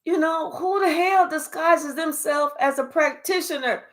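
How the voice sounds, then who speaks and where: A woman giving a casual spiritual reading, talking in an animated, profane way and acting out quoted voices. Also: sits high, unhurried. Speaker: spiritual reader. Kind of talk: casual live reading monologue.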